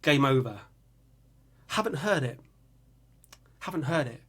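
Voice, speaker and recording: A man's voice: mid-range voice, measured pace, husky. A young man, hosting a music channel and chatting casually while reading out viewers' song picks. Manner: animated, bursts into singing and screaming riffs. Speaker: music reaction channel host.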